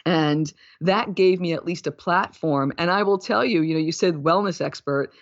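A woman's voice: on the low side, moderate pace. A woman in her fifties talks thoughtfully about her path as a wellness coach, with now and then a light laugh at herself. The sound is lo-fi and muffled. There is no room echo at all. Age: 50s. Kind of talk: reflective interview storytelling. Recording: dull, lo-fi, dry sound.

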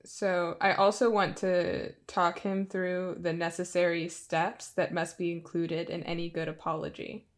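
A woman's voice: on the low side, little pitch movement, measured pace, hardly any pauses. Firm, plainspoken woman player. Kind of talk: in-character tabletop play.

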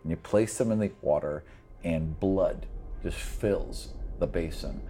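A man's voice: low-pitched, unhurried, dark tone. A man running a tabletop role-play game as game master and podcast host, narrating vividly with lots of "like" fillers.

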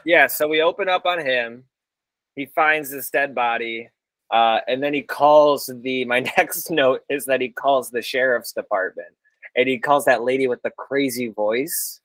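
A man's voice: medium pitch, unhurried, a bit bright, no echo. A man hosting a casual podcast chat, rambling with lots of fillers and self-corrections. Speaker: podcast host.

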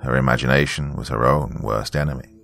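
Deep-voiced man narrating a dramatic story. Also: a little fast, gravelly, fairly bright tone. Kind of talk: scripted narration of a first-person story. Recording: faint background music.

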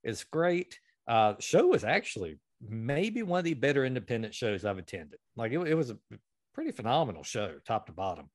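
A man hosting a podcast, telling a long, profane story with lively energy. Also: mid-range voice, a little fast, dry recording, studio quality. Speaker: podcast host. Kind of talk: casual storytelling chat.

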